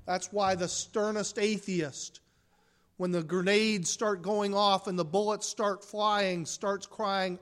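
A man preaching a sermon as a pastor, swinging between hushed, quiet stretches and forceful, rising emphasis. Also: sits high, steady tone, takes it slowly, clean tone.

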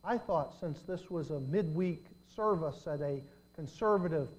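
Sermon illustration: preacher voicing a quiet, dry older preacher, measured and calm. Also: male voice, fairly high pitch, close to an everyday voice, low-quality recording.

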